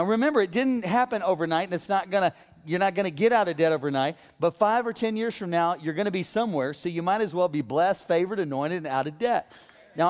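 A middle-aged male pastor preaching with humor, speaking directly to a large congregation in a church. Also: high-pitched. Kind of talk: sermon. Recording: long hall reverb.

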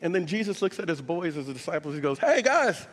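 A male pastor preaches a sermon in a large church auditorium, telling a Bible story dramatically and acting out the characters' voices. His voice is on the high side and quick, and the recording carries a large hall's long reverb with soft music.

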